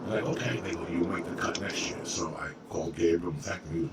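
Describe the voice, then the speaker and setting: A male comedian chatting casually, telling animated stories and acting out the people he quotes. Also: sits low, quick pace, hardly any pauses, roomy sound, far from the mic, very noisy. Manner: animated storyteller, acts out quotes. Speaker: comedian guest. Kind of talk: casual podcast chat, storytelling.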